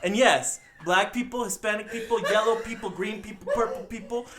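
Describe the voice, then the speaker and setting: A man co-hosts a casual movie review podcast, joking around in an animated way and acting out the characters. His voice is high and a little fast, and the recording is very noisy.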